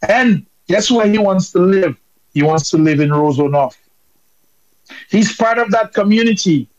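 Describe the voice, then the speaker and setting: A man's voice: high-pitched, expressive, measured pace, a little mellow, dry recording, muffled recording. A man from Dominica calling in with impassioned, emphatic political commentary.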